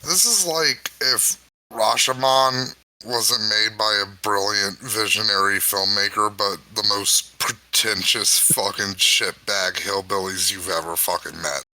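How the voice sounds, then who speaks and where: Sarcastic man with a bright edge. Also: on the low side, fairly even intonation, measured pace, dry recording, low-quality recording. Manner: sarcastic, crude joking commentary. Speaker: podcast co-host. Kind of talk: casual chat.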